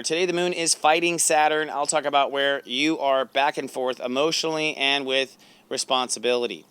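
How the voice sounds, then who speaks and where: A man hosting a spiritual guidance show, talking in a chatty, animated, self-assured way as he gives astrology advice and steps to his viewers. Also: medium pitch, smooth. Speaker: spiritual intuitive host. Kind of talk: casual spiritual guidance talk.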